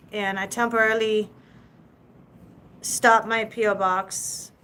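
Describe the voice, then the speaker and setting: A woman's voice: medium pitch, pushed and bright, slight background noise, poor audio. Rambling, casual woman livestreaming. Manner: rambling, loose, swears freely. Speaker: livestream host; mother. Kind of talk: casual live chat.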